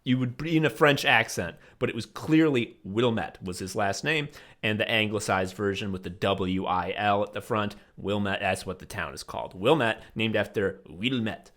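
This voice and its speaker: A young man from the Chicago suburbs co-hosts a podcast, telling a profane, sardonic story in casual conversation. His voice is fairly low, a bit bright, and moves at a moderate pace.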